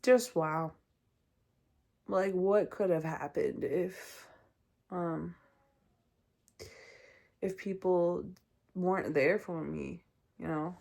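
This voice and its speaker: A woman's voice: lowish voice, fairly even intonation, takes it slowly, creaky, long pauses, warm tone. A young adult woman hosting a podcast, telling a personal story in a casual, chatty way with many ums and acted-out voices. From Canada. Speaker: podcast host.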